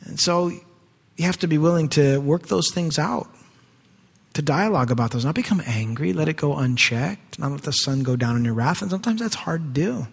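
High-voiced man preaching in reverberant church. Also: animated, normal speed, creaky, slightly rough. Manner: conversational, swings from quiet asides to raised emphasis. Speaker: pastor. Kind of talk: sermon. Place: church sanctuary. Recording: long hall reverb.

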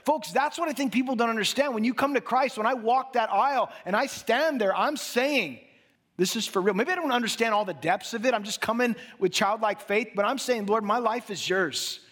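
A male pastor preaching a sermon in an animated way, acting out little dialogues and laughing as he talks. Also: very high-pitched, fairly quick, few pauses, husky.

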